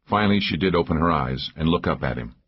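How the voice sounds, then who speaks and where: Deep-voiced male audiobook narrator, husky, muffled recording. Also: expressive, fast. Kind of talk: first-person thriller narration. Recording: dull lo-fi audio.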